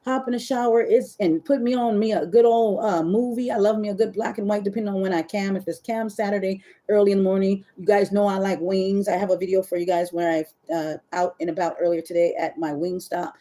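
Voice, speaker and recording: A middle-aged woman hosting a casual live stream, chatty and animated, talking straight to her viewers and often stopping to correct herself. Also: mid-range voice, a little fast, few pauses. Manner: self-correcting, searches for words. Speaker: webcam model host.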